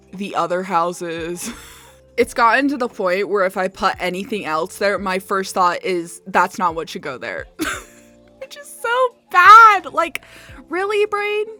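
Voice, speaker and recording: A woman's voice: medium pitch, bright, forceful tone. A young woman chatting casually over a game build, rambling and mocking herself with frequent laughs. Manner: rambling, self-mocking, giggly. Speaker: Sims builder and YouTuber. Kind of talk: casual voice-over chat over a speedbuild.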